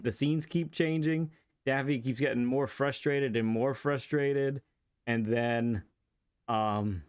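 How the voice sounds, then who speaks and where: This is a man chatting on a racing-game livestream, casual and excited, rambling with plenty of restarts and laughs. His mid-range voice has a clean tone.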